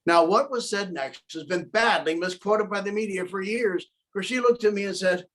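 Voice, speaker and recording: Playing the wolf in a first-person telling recorded on a video call, a man speaks in a high voice, a little fast and with few pauses. His tone is aggrieved and put-upon, and his character voices are lively.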